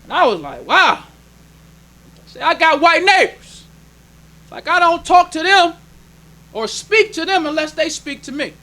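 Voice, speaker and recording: A man's voice: very high voice, very animated, a little slow, pauses often, sharp tone. A male minister preaching a sermon in an emphatic, conversational way, drawing call-and-response from the congregation.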